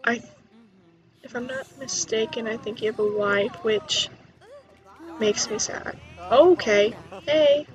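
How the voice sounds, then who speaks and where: A young woman chatting excitedly while playing a life-sim game, quick to gasp and exclaim. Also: on the high side, crowd noise, low-quality recording. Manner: excitable, chatty, gasps and laughs. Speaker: gaming YouTuber. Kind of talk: let's play commentary.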